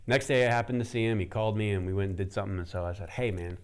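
Low-voiced man telling a sermon story. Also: rapid-fire, smooth. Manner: casual, animated storyteller using many fillers. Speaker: preacher.

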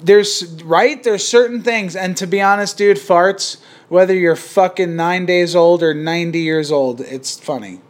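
A man's voice: high-pitched, unhurried. Rambling, laughing podcast host man. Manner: rambling, laughs often, many restarts. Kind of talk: casual podcast chat.

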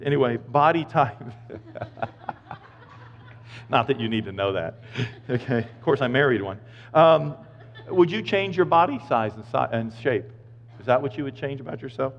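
Man, pastor, sermon, loud-to-quiet swings, long hall reverb, slightly dull sound. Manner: lively, swings from loud emphatic to quiet and low.

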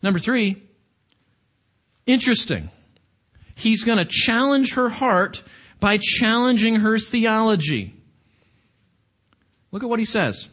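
A man with a high voice delivers a sermon. He talks to his listeners casually but with emphasis, often asking them questions. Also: animated, measured pace, pauses often, fairly bright tone. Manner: conversational, emphatic with rhetorical questions. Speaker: preacher.

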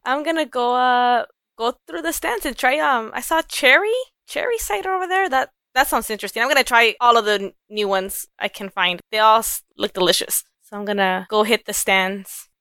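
A woman playing a tabletop game, bubbly with halting restarts. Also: a little high, pushed and bright, clean tone, dry recording, studio quality. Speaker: player. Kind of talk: casual in-character game talk.

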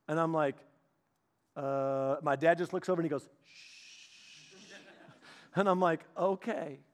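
Young guy preaching, fairly high voice, animated, acts out the people in his story. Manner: animated, acts out quoted voices, shifts from loud to hushed. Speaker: pastor's son preaching. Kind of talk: sermon with personal story.

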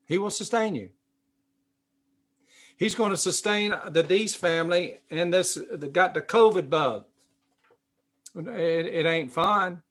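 Slow, emphatic male preacher. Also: high voice, fairly bright tone. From United States. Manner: emphatic, repeats phrases, fillers and restarts. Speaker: pastor. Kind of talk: sermon.

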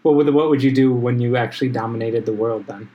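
A man's voice: mid-range voice, steady tone, quick pace, dull audio, a little hiss or hum. A man chatting casually, joking around and laughing often. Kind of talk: casual chat.

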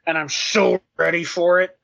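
A young man chatting casually on a podcast, telling a funny story with excitement and frequent laughter. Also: a little high, moderate pace, vocal fry. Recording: slightly dull lo-fi sound.

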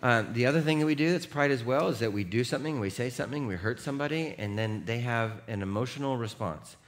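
With a mid-range voice and quick delivery, a middle-aged pastor gives a jokey, animated sermon. He gets the congregation reading aloud with him and laughs at himself along the way.

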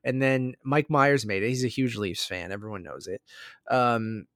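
A man's voice: mid-range voice, moderate pace, a bit bright, dry recording. Canadian guy in his 30s rambling on a podcast, lots of uh and um, dry close mic. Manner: rambling, many fillers and restarts. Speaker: podcast co-host. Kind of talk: casual chat.

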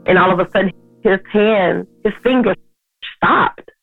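A woman in her thirties, an interview guest telling a personal story in an animated way, acting out the people in it. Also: medium pitch, a little slow, soft background music. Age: 30s. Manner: animated, acts out others' lines in her story. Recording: tinny phone-like sound.

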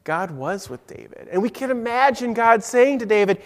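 A man's voice: extremely high pitch, animated, normal speed, hardly any pauses, big-room sound. A man preaching a simple story-style sermon, asking his listeners questions. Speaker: preacher giving a children's message.

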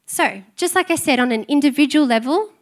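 A woman pastor delivers a sermon in a high, light voice. She is middle-aged and speaks earnestly and conversationally, drawing on personal anecdotes as she addresses the congregation. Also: expressive, a little fast.

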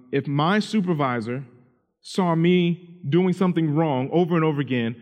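A man in his thirties, a pastor preaching about parenting in an earnest, conversational way, often restarting his phrases. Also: fairly high pitch. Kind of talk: sermon on parenting. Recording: long hall reverb.

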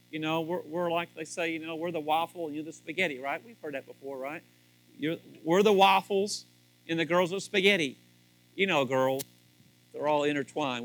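A man in a high, bright voice gives a joking, folksy talk on marriage to a live audience, often restarting his sentences. Soft guitar music plays faintly under him. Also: poor audio. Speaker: church speaker on marriage. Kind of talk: humorous sermon to a live audience.

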